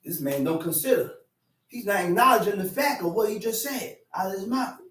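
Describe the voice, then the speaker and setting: A man teaches scripture with a high, animated voice, acting out arguments and repeating lines for weight. He sounds set back from the mic in an echoey space. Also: brisk, distant mic. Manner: animated, acts out quarrels with shouting; repeats phrases for emphasis. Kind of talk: street-corner Bible teaching.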